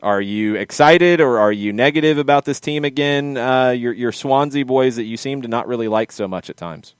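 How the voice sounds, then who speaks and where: A man hosting a casual soccer podcast, quick and lively, teasing his co-hosts. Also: medium pitch, smooth, no room sound, studio quality. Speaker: podcast host. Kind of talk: casual sports chat.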